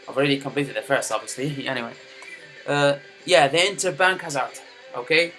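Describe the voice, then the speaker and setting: A man's voice: mid-range voice, a little fast, bright, forceful tone, faint music behind. A young man ranting casually about an anime, swearing a lot and filling his talk with "you know" and "man". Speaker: anime fan commentator. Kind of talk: casual rant to camera.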